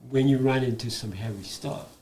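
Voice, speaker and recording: An older man, a guest elder and artist telling stories in a live panel conversation, animated and laughing between points. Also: mid-range voice, normal speed, slight background noise. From Hawaii.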